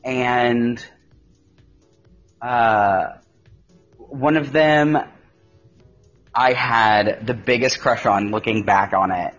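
A man's voice: medium pitch, very slow, pauses often, a bit bright. A young man casually telling a personal story, chatty and full of fillers, quoting his own thoughts along the way. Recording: dull lo-fi recording with faint music.

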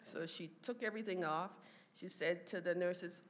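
A woman's voice: lowish voice, moderate pace, a little hiss or hum. A woman telling a family story in casual conversation, laughing often and voicing the people she quotes. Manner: animated, laughs often, quotes others in raised voice.

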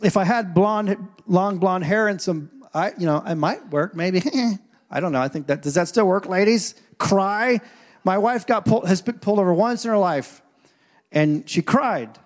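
Animated man preaching. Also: high voice, moderate pace. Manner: storytelling, acts out scenes, animated swings from quiet to loud. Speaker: pastor. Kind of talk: sermon.

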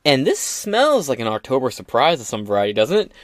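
Animated, foul-mouthed male podcast host. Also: medium pitch, brisk, dry recording, studio quality. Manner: rambling, profane, joking asides. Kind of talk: casual political podcast commentary.

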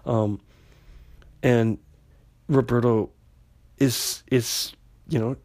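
A man's voice: mid-range voice, steady tone, extremely slow, darkish tone, no room sound, studio quality. A man recapping an old comic book issue in a casual, rambling way, with many fillers and restarts. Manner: conversational, lots of fillers and restarts, paraphrases characters loosely. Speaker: comic book podcast host.

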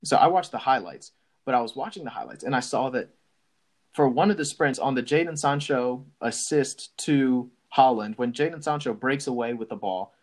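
In a casual sports podcast, a young male co-host with a mid-range voice gets excitable and laughs easily. He often restarts his sentences partway through.

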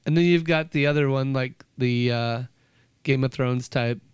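A man's voice: mid-range voice, moderate pace, clean tone, no echo. A man co-hosting a casual podcast chat, joking around and slipping now and then into mock voices. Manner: jokey, slips into mock voices. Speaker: podcast co-host.

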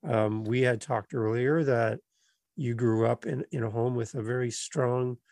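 A man's voice: medium pitch, measured pace, no echo. A middle-aged man hosting a casual interview, telling stories with lots of animation and acting out children's voices. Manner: animated storyteller who acts out children's voices. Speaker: podcast host.

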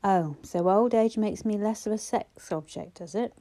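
A woman's voice: medium pitch, moderate pace, warm tone, close to an everyday voice. A woman reading a grumpy, sardonic old man who grumbles with dry sarcasm but turns tender, in an audiobook. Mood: grumbling. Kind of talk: audiobook character voice.

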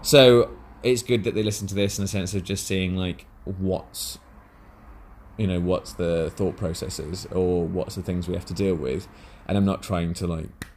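A man with a very low, deep voice co-hosts a casual podcast. He rambles and hesitates, filling gaps with ums and starting over mid-sentence. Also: fairly even intonation, unhurried, darkish tone, slight background noise. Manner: rambling, hesitant, many fillers and restarts. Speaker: podcast co-host.

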